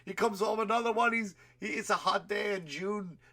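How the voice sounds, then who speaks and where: A man's voice: high-pitched, fairly even intonation, normal speed, sharp tone. A man hosting a comedy podcast, ranting in a rambling, profane way and laughing at his own stories while he has a cold. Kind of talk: comedic rant.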